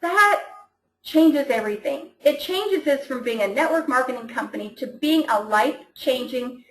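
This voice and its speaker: A chatty, enthusiastic woman talks her team through a casual training call, stumbling and restarting as she goes. Her voice sits fairly high. The sound has the echo of a roomy space. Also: expressive, moderate pace. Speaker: team coach.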